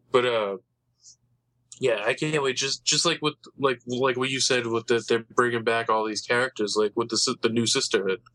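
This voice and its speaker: A man's voice: medium pitch, steady tone, normal speed, a bit bright, poor audio. A man hosting a casual podcast chat, rambling eagerly about comic books. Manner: rambling, eager comic-book fan talk.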